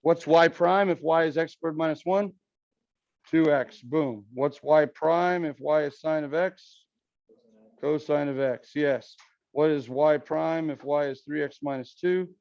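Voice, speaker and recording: A man's voice: on the high side, steady tone, measured pace, gravelly, a little mellow, dry recording. A male math teacher lecturing a class, walking through each step and often checking in with "okay?" and "right?". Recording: dull lo-fi, dry sound.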